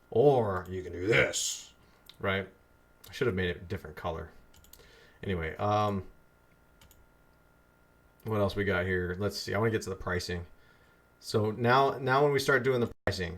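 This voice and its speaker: A man's voice: lowish voice, a bit bright. A man teaching an online marketing course in a chatty, loose way, repeating phrases for emphasis and muttering asides as he fixes his slides. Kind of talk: casual screen-share lesson.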